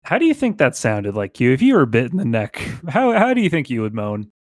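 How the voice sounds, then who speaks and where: A man's voice: mid-range voice, huge pitch swings, no room sound, clean studio sound. A man co-hosting a podcast, chatting casually and jokingly as he reads fan fiction aloud. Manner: joking, breaks into laughter and quick put-on voices. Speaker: podcast co-host.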